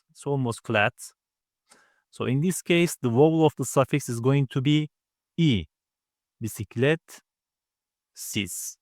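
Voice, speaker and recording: A man's voice: medium pitch, no echo, clean studio sound. A man teaching a grammar lesson, patiently explaining step by step and sounding out each vowel himself. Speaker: language teacher. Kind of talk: slow spoken grammar lesson.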